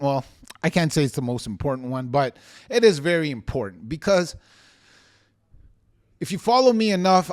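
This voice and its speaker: A man coaching on real estate sales in a motivational teaching monologue, energetic, emphatic and given to ranting. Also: medium pitch, no echo, studio quality.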